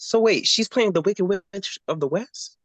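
A man's voice: high-pitched, a little slow, no room sound. A man co-hosting a casual pop culture podcast, telling stories in a sassy, playful way full of slang. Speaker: podcast co-host.

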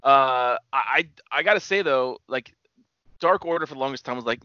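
A man's voice: medium pitch, expressive, normal speed, bright, forceful tone, clean tone, no room sound, highs cut off. A man co-hosting a casual wrestling podcast, laid-back and agreeable. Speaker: podcast co-host. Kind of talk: casual wrestling recap chat.

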